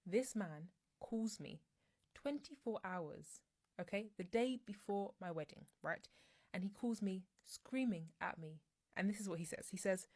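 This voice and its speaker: A young woman telling a personal story in a casual storytime vlog, animated and exasperated. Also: mid-range voice, unhurried.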